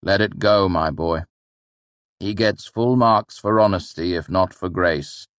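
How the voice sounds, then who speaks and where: A man voicing a wry, easygoing middle-aged father who leads a traveling troupe, speaking in a gently teasing way. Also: low-pitched, measured pace, dry recording.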